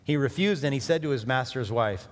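A middle-aged male preacher delivers a sermon in a relaxed, conversational tone, then breaks into sudden emphatic rises. His voice sits in an ordinary middle register, and the recording carries a long reverb from a church hall. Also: mid-range voice, brisk.

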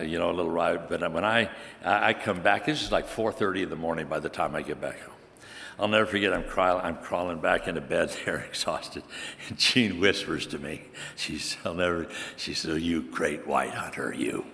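A man's voice: medium pitch, creaky, fairly bright tone, long reverb tail. A man preaching a sermon, telling a personal story with animation and building to emphatic preaching. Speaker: pastor.

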